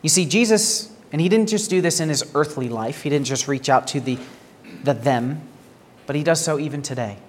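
A man's voice: on the high side, moderate pace, a little hiss or hum. A pastor preaching a sermon in an earnest way, asking rhetorical questions and often repeating words as he starts a phrase. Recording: long hall reverb.

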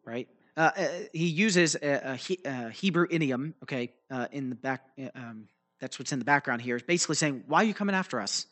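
A man preaches a teaching sermon at a slightly fast pace, his voice medium-pitched and a bit bright. His explanation of the Bible passage is loose and explanatory, punctuated by frequent "right?" and "okay?" check-ins along with fillers and restarts.

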